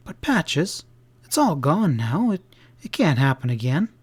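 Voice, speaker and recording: A man voicing an upset, indignant young woman in a classic western audiobook, with a breathy, trembling delivery. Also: on the high side, sing-song, unhurried, heavily acted. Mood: pleading.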